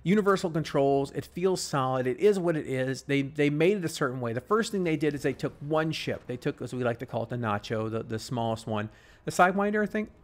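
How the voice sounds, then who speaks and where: A man hosting a casual gaming chat while he plays, rambling and full of restarts and animated complaints. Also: mid-range voice, brisk. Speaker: gaming podcast host.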